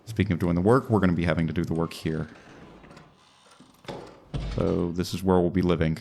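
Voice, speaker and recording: A man's voice: low voice, fairly even intonation, normal speed, creaky. A man giving casual let's-play commentary in a rambling, musing way, often restarting his sentences. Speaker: gaming commentator.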